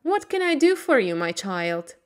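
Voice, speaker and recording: A woman reading as a gentle good witch. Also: high voice, very animated, moderate pace, pitched above the performer's own voice. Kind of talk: storybook reading for learners.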